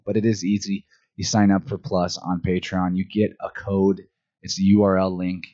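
A man with a very deep voice hosts a podcast, chatty and upbeat as he talks straight to his listeners. The sound is dull and lo-fi. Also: darkish tone. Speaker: podcast host. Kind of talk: casual podcast outro.

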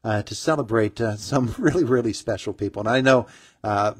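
A man hosting a small-town morning radio show, middle-aged and chatty. His voice sits low and sounds husky. The sound is dry and close, and he keeps restarting phrases with plenty of fillers. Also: no echo. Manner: halting, many fillers and restarts. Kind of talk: casual radio interview.

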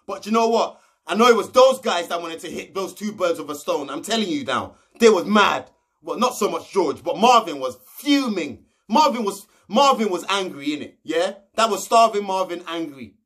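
A man's voice: sits high, expressive, moderate pace, a bit bright, slightly rough. A young man giving a brash, slangy, swearing recap of a reality TV episode. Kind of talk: casual episode recap commentary.

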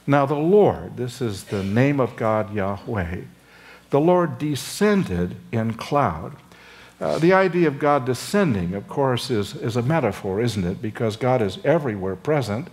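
An older man, a seminary professor, preaching an expository sermon with frequent pauses and fillers, his voice lifting for emphasis. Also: medium pitch, sing-song. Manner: acts out dialogue between Moses and God.

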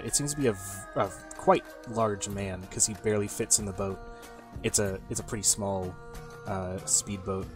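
A man narrating as game master of a tabletop game, rambling with lots of fillers and restarts. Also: lowish voice.

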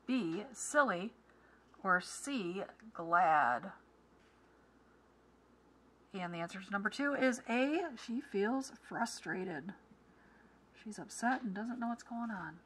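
Bright-voiced woman teacher reading aloud. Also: fairly high pitch. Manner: clear, expressive storytelling. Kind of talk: reading a children's book aloud and a lesson.

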